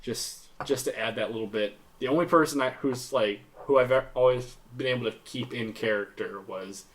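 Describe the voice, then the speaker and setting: A man co-hosting a casual tabletop gaming podcast, talking animatedly and breaking into quick voice imitations. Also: mid-range voice. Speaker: podcast co-host.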